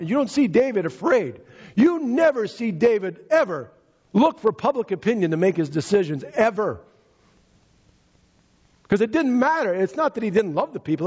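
A male preacher with a high, husky voice that rises and falls animatedly as he drives his points home. He retells scripture in everyday words and says key lines twice. The recording is dull and lo-fi. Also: darkish tone. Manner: emphatic, repeats key phrases, paraphrases scripture in casual speech. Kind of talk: sermon.

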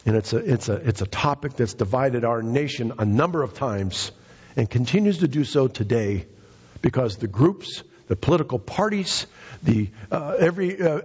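A middle-aged man preaching a fervent sermon, his voice climbing to high, emphatic peaks. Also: lively intonation, moderate pace, darkish tone, slightly rough, muffled recording. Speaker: pastor.

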